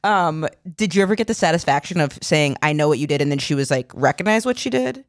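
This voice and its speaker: A woman's voice: low-pitched, lively intonation, fast talker, dry recording, clean studio sound. A woman hosting a casual podcast chat, who riffs with jokes and asks her guest questions. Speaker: podcast host.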